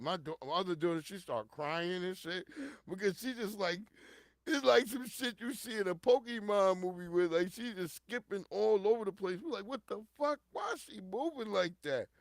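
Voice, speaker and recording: A middle-aged man spins a casual, profane story for his listeners, his voice pitched a touch high for a man. He jumps from loud, excited bursts to hushed, low stretches. The sound is dry and close. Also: dry recording. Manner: animated and profane, swinging from loud outbursts to hushed low tones; addresses listeners directly and repeatedly. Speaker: show host telling a personal story. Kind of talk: casual storytelling monologue to an audience.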